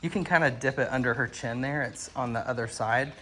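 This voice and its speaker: A man working as a dog trainer, coaching an owner outdoors with calm instructions and frequent praise. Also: medium pitch, fairly quick, slight background noise. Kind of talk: hands-on coaching. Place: outdoors at a house doorway and yard.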